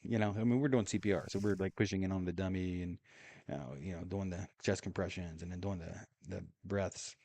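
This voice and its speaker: A man's voice: sits low, steady tone, fairly quick, mellow. A man telling a long story in a casual, rambling way while playing a game, full of fillers and chuckles. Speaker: gaming streamer.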